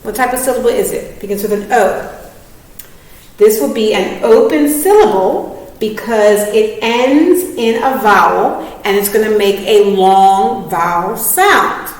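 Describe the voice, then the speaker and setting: A woman's voice: medium pitch, measured pace. A woman teacher giving a patient, encouraging reading lesson to children, often checking that they follow. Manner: patient, encouraging, asks many checking questions. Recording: echoey room, voice from far off.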